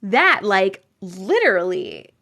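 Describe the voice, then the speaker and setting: This New York-accented live stream host has a medium-pitched voice with big pitch swings, slow and creaky yet bright, with a forceful tone. In a casual stream she reads viewer stories and chats, frequently exclaiming and laughing.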